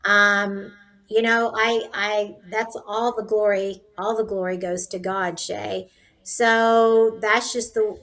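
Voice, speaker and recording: A woman's voice: on the high side, a bit bright, rough recording. A woman in her sixties, a nurse turned entrepreneur, telling her story as an interview guest in an earnest, faith-filled, candid way. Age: 60s.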